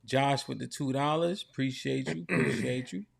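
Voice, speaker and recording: A man's voice: medium pitch, moderate pace, gravelly. A man hosting a livestream panel, reading donor messages aloud in a casual, slangy way. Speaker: host reading superchats.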